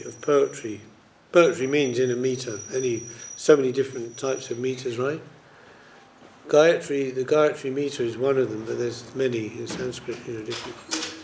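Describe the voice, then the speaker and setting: A man's voice: mid-range voice, creaky, darkish tone. Man, study group leader, casual explanations, faint ambient noise. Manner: casual, explanatory with many fillers. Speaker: class leader.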